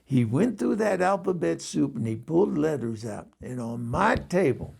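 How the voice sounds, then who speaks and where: An indignant middle-aged cab driver, put on by a man telling a story, rambling on and peppering every few words with a polite "sir". The voice is gravelly and husky, pitched a little high for a man. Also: sing-song, moderate pace, a little mellow, heavily acted. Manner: repeats "sir" and tells it with indignation.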